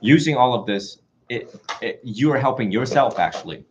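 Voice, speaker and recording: A man's voice: medium pitch, lively intonation, normal speed, slight background noise. A man giving an informal dharma talk as a Buddhist teacher, chatty and self-mocking, laughing often and acting out little voices. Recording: dull lo-fi recording.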